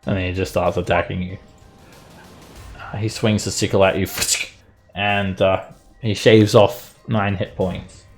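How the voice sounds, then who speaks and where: A man narrates a tabletop game as its game master, with a gravelly, lower-pitched voice and a bright, tense edge. He laughs often and pads his lines with "uh" and "like." Soft music plays behind him. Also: flat delivery, moderate pace, long pauses. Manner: laughs often while narrating, many fillers.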